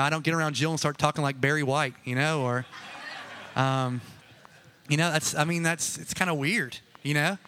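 A man's voice: a little high, pushed and bright. A man preaching a casual, conversational sermon, chatty and joking with many asides. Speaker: pastor.

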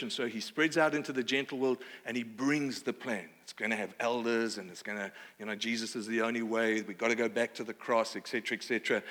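Australian preacher in a reverberant hall. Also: male voice, mid-range voice. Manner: animated, conversational preaching with playful asides. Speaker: pastor. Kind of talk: sermon.

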